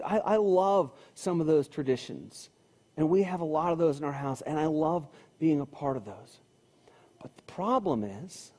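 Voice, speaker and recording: A pastor with a fairly high, mellow voice preaches a sermon conversationally, repeating phrases to drive them home. The recording, made in a church sanctuary, has long hall reverb.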